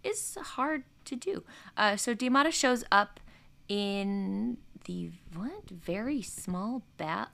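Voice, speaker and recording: A woman's voice: mid-range voice, lively intonation, takes it slowly, gravelly, a bit bright. A woman hosting a casual podcast chat, recapping an episode in a chatty way, laughing often and trailing off mid-thought.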